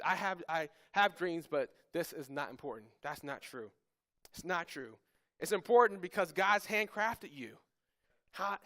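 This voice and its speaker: Animated young man preaching. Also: a little high. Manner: animated, acts out voices and calls for audience responses. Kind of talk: casual sermon. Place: church.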